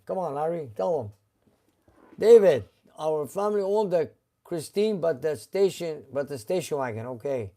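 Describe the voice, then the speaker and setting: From his garage, a middle-aged man hosts a casual live stream and reads viewer comments aloud. His voice is a bit high for a man, mellow and soft-edged. He speaks in a relaxed, unhurried, halting way, often pausing on "uh" while searching for words.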